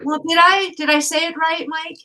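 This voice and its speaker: A woman's voice: extremely high pitch, steady tone, moderate pace, pushed and bright, low-quality recording. A woman guest chatting casually and gushing with enthusiasm. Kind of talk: casual chat.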